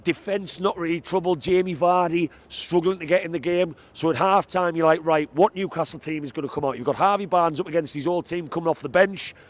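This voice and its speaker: A man recording a post-match fan reaction vlog outdoors near a football stadium, talking into a handheld microphone in an excitable, chatty, emphatic way. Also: fairly high pitch, fairly quick, hardly any pauses.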